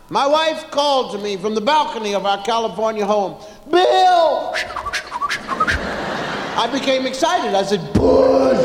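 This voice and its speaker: Male stand-up with a high, lively voice. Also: noisy background. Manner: drawn-out timing, sudden loud chants and shouts. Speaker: stand-up comedian. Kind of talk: stand-up storytelling. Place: large hall with a live audience. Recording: echoey hall, live stage recording.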